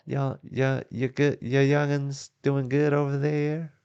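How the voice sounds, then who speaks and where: A man's voice: medium pitch, level tone, slow pace, a little mellow, smooth, no room sound, lo-fi sound, voice pushed up. Man putting on a folksy Southern drawl. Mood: jokey folksy. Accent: put-on American Southern. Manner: exaggerated drawl, jokey.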